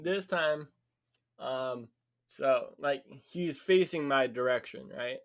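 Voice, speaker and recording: A young man playing a tabletop game, talking slowly with fillers and laughter. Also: medium pitch, creaky. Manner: slow, laughing, hesitant with fillers. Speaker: player. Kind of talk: casual tabletop play.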